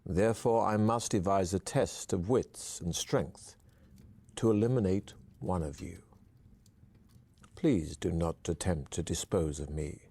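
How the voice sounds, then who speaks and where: A man doing a deep-voiced dwarf trial master. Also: warm tone, breathy edge, heavily acted. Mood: stern. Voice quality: deep, formal, measured. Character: stern old male dwarf trial master.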